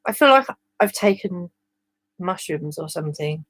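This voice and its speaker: A woman's voice: fairly low pitch, lively intonation, normal speed, dry recording. A British woman reading a fan story aloud on a livestream with amused, chatty asides.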